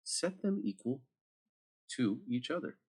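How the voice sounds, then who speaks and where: A man's voice: medium pitch, very animated, a little slow, a little mellow, husky. A man teaching math over a screen recording, chatty and talking straight to his students with little asides.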